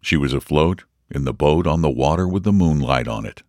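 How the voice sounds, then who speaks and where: A man reading a story aloud in a measured, expressive narration. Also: a bass voice, no echo, clean studio sound. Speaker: audiobook reader. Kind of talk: scripted narration.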